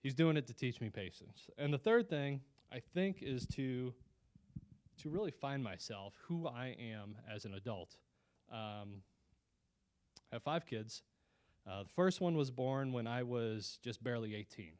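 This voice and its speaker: A man's voice: mid-range voice, expressive, a little slow, a little mellow, smooth. A man giving a personal testimony as guest speaker at a Christian lunch meeting, telling his story in an earnest, conversational way with frequent restarts.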